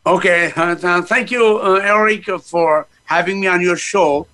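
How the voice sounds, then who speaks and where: A man's voice: sits high, normal speed, bright, forceful tone, rough recording. A man, a laughter yoga guest who talks with energy and breaks into laughing chants over a phone video call.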